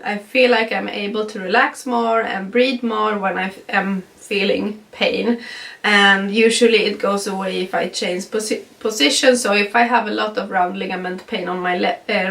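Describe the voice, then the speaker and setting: A young woman from Sweden talks through her pregnancy update in a casual vlog, her English carrying a Swedish first language. A stuffy cold gives her voice a nasal tone, and she fills pauses with ums and small laughs. She sits a little back from the mic, so her voice sounds slightly distant. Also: mid-range voice, vocal fry, a bit bright. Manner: chatty, frequent ums, laughs between sentences. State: stuffy nose. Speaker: vlogger.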